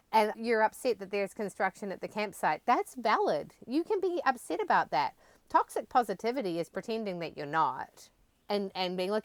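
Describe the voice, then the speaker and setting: A woman co-hosting a casual podcast chat, with a mid-pitched voice. She talks in a chatty way and acts out small everyday scenes. The sound is dry and close, with no room echo. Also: big pitch swings, normal speed. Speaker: podcast co-host.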